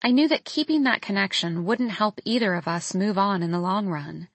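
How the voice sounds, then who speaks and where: A young woman narrates a first-person novel in a measured, intimate voice. Her pitch sits in the middle range. The recording is close-miked and dry, with no room around her. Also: no room sound. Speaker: audiobook narrator.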